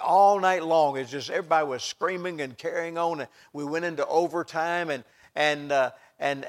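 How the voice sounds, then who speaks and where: A noticeably high-voiced, middle-aged man gives an impassioned sermon. He climbs to loud outbursts, then falls back into hushed asides.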